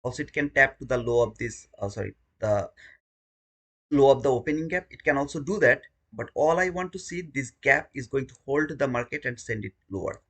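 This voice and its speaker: A man's voice: medium pitch, lively intonation, brisk, fairly bright tone, slightly rough. A man streaming his day trading live, talking through the chart and alternately pleading with the market and scolding himself.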